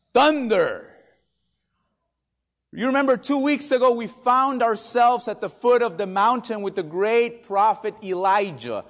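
High-voiced, slow dramatic preacher man. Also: fairly bright tone. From Spanish-speaking country. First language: Spanish. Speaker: pastor. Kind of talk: sermon.

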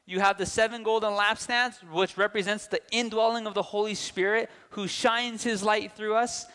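A young man preaching a sermon, lively, asking the congregation questions and telling anecdotes. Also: sits high. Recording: long reverb of a large hall.

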